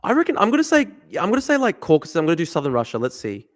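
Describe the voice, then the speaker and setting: A man streaming a guessing game, thinking aloud, swearing and getting excited. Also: a little high, very fast. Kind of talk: live-stream commentary while playing a guessing game.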